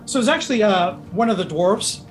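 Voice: medium pitch, animated, a little fast, a little hiss or hum, poor audio. A game master narrating a tabletop role-playing game in a rambling, hesitant way full of fillers.

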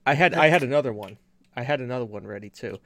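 A man hosts a casual games stream, chatting loosely and restarting his sentences. His voice is mid-pitched and sits close to the mic in a dry, dead room. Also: fast, vocal fry, a bit bright, no echo. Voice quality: rambling, chatty, self-correcting. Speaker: host. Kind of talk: casual podcast chat.

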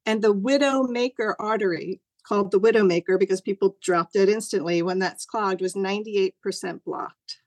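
A middle-aged woman recounts a personal story over a video call. She talks in a loose, animated way, and her voice jumps higher whenever she acts out something she once said. The sound is dry and close, with no room echo. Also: normal speed, few pauses. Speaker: guest sharing a personal story.

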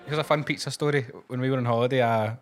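A Scottish man chats in an easygoing way on a podcast. His voice is pitched mid-low. He tells wry stories and often laughs along. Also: fairly even intonation, fast, soft background music. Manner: laid-back, dry, laughs often. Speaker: podcast co-host, musician. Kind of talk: casual chat.

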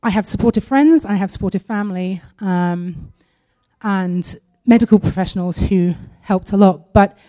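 A woman sharing a personal testimony at a church service, earnest and halting, partly reading aloud from her own writing. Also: mid-range voice, mellow. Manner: earnest and halting, with frequent pauses.

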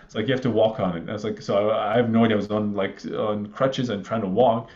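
A man in his thirties from Iraq, a guest calmly telling a personal story in a halting way, with many fillers, on a slightly muffled recording. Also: fairly low pitch. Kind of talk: conversational storytelling. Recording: slightly dull, muffled audio.

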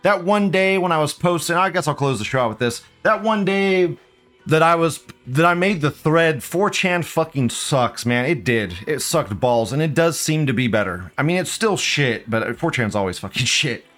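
A man's voice: a little high, expressive, moderate pace, fairly bright tone. A man in his thirties hosting a casual live commentary show. He swears a lot, laughs often, and drags out mocking words. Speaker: livestream show host.

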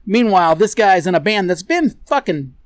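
A man's voice: sits high, very animated, normal speed, no echo, studio quality. A man co-hosting a podcast, telling a rambling, profane story in casual chat and laughing often. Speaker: podcast co-host.

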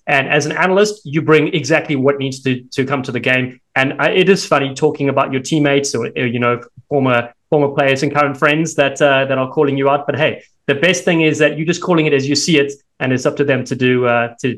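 A man's voice: mid-range voice, a bit bright. A man hosting a casual interview, praising his guest and asking friendly questions. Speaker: podcast host.

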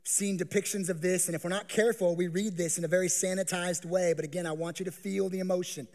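A male pastor preaching a sermon, swinging from hushed, slow lines to loud, pleading acted voices. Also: high voice, steady tone.

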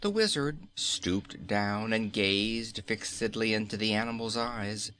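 A man narrating a children's storybook in measured audiobook style. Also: fairly low pitch, sharp tone.

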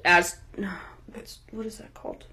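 A woman's voice: measured pace, sharp tone. A woman co-hosting a podcast in casual chat, reacting bluntly and teasing her friend. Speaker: podcast co-host.

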